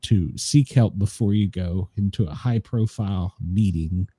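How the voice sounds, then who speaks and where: A man's voice: deep voice, a little slow, dark tone, slightly rough, no room sound. A man co-hosting a casual news chat show, rambling with lots of fillers and chuckles. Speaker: co-host of a daily news show; former emergency responder.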